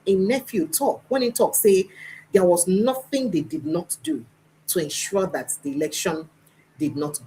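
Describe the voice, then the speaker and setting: A lower-voiced woman with a Nigerian accent reads newspaper headlines on a livestream and comments on them. She moves between standard English and Pidgin. A faint hiss sits under her voice. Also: a little slow, mellow, low-quality recording. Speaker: news commentator.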